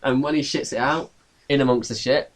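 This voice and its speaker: A young man co-hosting a comedy podcast, narrating an improvised absurd story in a deadpan way. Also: mid-range voice, brisk. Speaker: podcast co-host.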